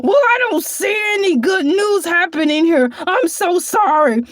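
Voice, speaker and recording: A woman voicing a boastful male cartoon shark who hosts a comedy show, squeaky and sing-song with frequent sighs. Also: expressive, measured pace, no room sound, clean studio sound. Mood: mopey. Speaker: show host. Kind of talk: comedy character monologue.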